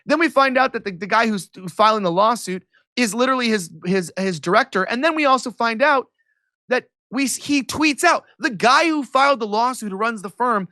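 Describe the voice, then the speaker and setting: A male political commentator talking as an interview guest, quick and sarcastic, with a mocking edge. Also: extremely high pitch, lively intonation, sharp tone, no room sound, studio quality. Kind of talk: animated interview talk.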